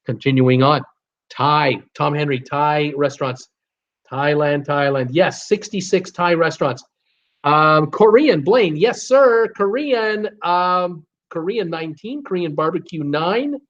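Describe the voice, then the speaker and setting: A man hosting a casual live stream, chatting to viewers, repeating words and filling pauses with "uh" while he searches. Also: a little high, a bit bright, muffled recording. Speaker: livestream host.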